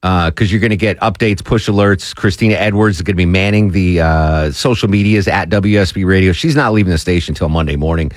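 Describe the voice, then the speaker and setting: A man's voice: low-pitched, brisk, hardly any pauses, no echo. A man hosting a morning talk radio show, bantering with a co-host and reading promos with emphasis. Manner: chatty, jokey, reads promos with emphasis. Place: radio studio.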